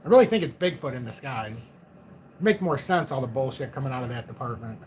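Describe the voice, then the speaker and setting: A man's voice: medium pitch, fast, a little mellow, a little hiss or hum. A man in his forties hosting a crypto livestream, chatting casually in a rambling, joking, self-mocking way. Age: 40s.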